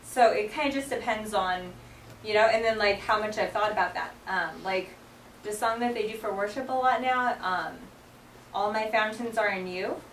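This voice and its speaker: A young woman with a mid-range, fairly bright voice teaches a sign language class at normal speed, chatting casually and filling her speech with "like" and "um." She acts out song lyrics as she explains to her students. The classroom is echoey, her voice sounds distant, and there's a little hiss or hum.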